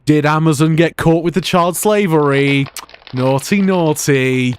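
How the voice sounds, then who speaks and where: A man's voice: on the high side, fairly even intonation, normal speed, clear, resonant tone, no room sound, clean studio sound. A man, streaming a game and rambling crude jokes at home. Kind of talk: gameplay live stream commentary.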